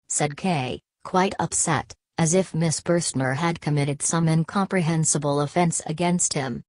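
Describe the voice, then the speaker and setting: Low-voiced woman reading a novel. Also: steady tone, darkish tone, no room sound. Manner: measured, announces page numbers. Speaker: audiobook reader.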